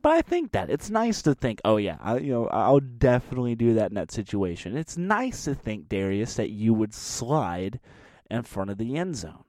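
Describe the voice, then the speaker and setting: Male sports ranter, mid pitch, dry close sound, mocking, acts out quotes. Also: moderate pace, no room sound. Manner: animated mocking rant with acted-out quotes. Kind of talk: ranting sports commentary.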